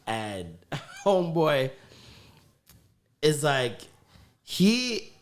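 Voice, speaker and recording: A man's voice: on the high side, very slow. A man co-hosting a casual podcast, swearing freely and acting out scenes as he talks. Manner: animated, swears freely, acts out scenes with laughter. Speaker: podcast co-host. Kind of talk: casual chat.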